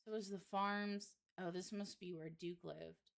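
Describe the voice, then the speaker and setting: A woman's voice: mid-range voice, fairly even intonation, a little slow, vocal fry. A woman streamer reading a horror visual novel aloud, breaking off for wry, sarcastic asides.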